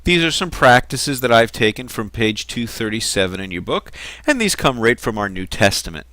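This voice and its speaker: Guy teaching greek grammar, calm step by step explaining, medium pitch, dry. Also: moderate pace, dry recording. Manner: patient, methodical explaining. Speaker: Greek language lecturer. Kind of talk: recorded classroom lecture.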